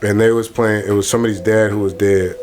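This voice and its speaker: A man who is a guest on a comedy podcast, telling a funny story in an excitable, casual way and laughing often. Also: lowish voice, fast, background noise.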